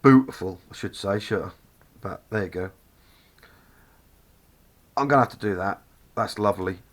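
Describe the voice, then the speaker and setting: A man with a Norfolk accent and a fairly low voice, talking through a model kit in a loose, chatty way. He gushes with enthusiasm, wanders a little and keeps correcting himself mid-sentence. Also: moderate pace, fairly bright tone. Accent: Norfolk English. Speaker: scale model kit reviewer. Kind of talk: casual review walkthrough.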